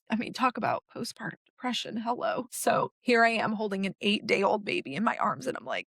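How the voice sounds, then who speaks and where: Brief: young adult woman guest, emotional personal storytelling, mid-pitched, close dry mic. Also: fast talker, vocal fry, no room sound. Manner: animated, acts out her own past words. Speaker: podcast guest.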